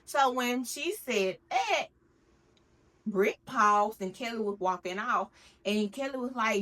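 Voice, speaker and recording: A woman's voice: fairly high pitch, takes it slowly. A woman chatting casually and with opinions while recapping reality TV at home, cooking in her kitchen. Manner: chatty, animated, slangy and opinionated. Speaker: recap vlogger.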